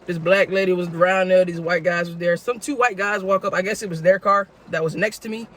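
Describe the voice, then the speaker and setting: A man's voice: high voice, steady tone, brisk, a bit bright. A man telling a casual story-time tale for his vlog in a slangy way, full of "you know what I'm saying.". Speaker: vlogger.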